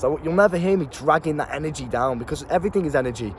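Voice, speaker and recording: A man's voice: on the high side, rapid-fire, few pauses. A young man talking casually to camera as a self-improvement coach, blunt and slangy, swearing and repeating words, with faint street noise behind him. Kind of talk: casual motivational talk to camera. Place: outdoors in town.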